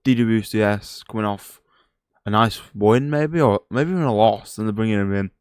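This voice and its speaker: A man's voice: lowish voice, moderate pace, smooth, dry recording, studio quality. A young man with a rambling, chatty manner, giving casual fight predictions on a vlog and questioning himself aloud. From Britain. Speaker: MMA YouTuber.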